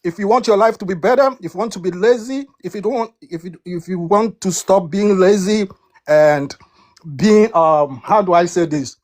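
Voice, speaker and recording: A woman's voice: medium pitch, normal speed, a little mellow. A woman from Africa with an African accent, arguing defiantly in a live debate and often restarting her words. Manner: defiant, stammering restarts, repeats "listen" and "right". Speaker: debate panelist.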